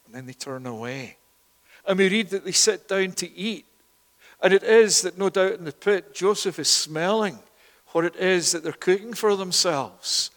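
In a church hall with a long echo, a man with a fairly high voice preaches a sermon at normal speed. He is emphatic, often repeating words and growing higher and louder at key points.

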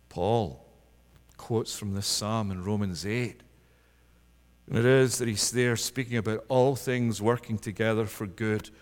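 A man preaching a sermon, swinging between loud pleading cries and low, soft passages. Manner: rises to impassioned, loud pleading then drops low and soft. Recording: long hall reverb.

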